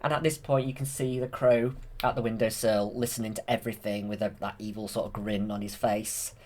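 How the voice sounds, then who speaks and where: A man's voice: fairly low pitch, steady tone, brisk, darkish tone. Man hesitantly retelling a film. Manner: hesitant, many fillers and restarts. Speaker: channel host. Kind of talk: casual retelling of a film from memory.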